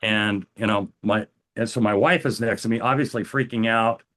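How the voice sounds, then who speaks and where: An older American man, an interview guest, telling his personal story calmly, often stopping and restarting his sentences. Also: lowish voice. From United States. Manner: calm, halting, with frequent restarts.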